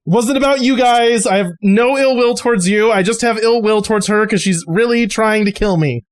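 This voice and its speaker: Man voicing a weary wounded scientist, flat and matter-of-fact, sighing, defensive. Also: sits high, moderate pace, natural voice.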